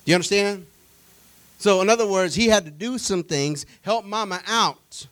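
A male preacher delivering a sermon in a folksy, conversational way, animated and full of repetition and rhetorical questions to the congregation. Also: sits high, normal speed, low-quality recording.

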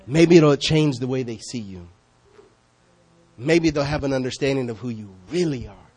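A man preaching a sermon as pastor, conversational and questioning, swinging between loud calls and hushed asides. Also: mid-range voice, moderate pace, slightly rough. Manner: conversational, asks the congregation questions.

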